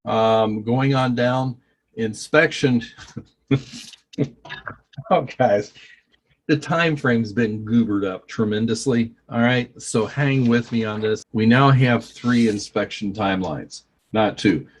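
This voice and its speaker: A man's voice: medium pitch, takes it slowly. A man teaching a real estate training, reading contract clauses aloud and explaining them in a folksy, conversational way.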